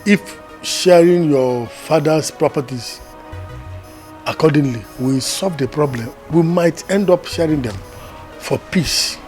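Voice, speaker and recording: An actor playing a calm, persuasive pastor, counselling peace. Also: male voice, fairly high pitch, faint music behind. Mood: pleading. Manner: pleading, measured counsel.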